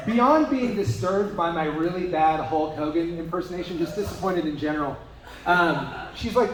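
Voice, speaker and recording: A young man with a high voice works through a crude stand-up set, tossing in deadpan asides between his um and uh fillers. His voice carries the ring of an echoey live room at a brewery comedy night. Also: normal speed, a crowd in the background.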